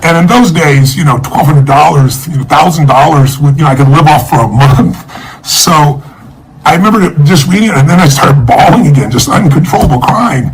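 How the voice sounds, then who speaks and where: Male motivational speaker, slightly raised pitch, energetic and emotive storyteller, charity appeal. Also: brisk, a little hiss or hum, poor audio.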